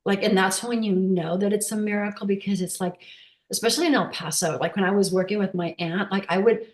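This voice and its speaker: Woman, guest speaker, casual storytelling, halting, lots of restarts, roomy echo. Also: mid-range voice, fairly even intonation. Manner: halting, with many restarts and fillers.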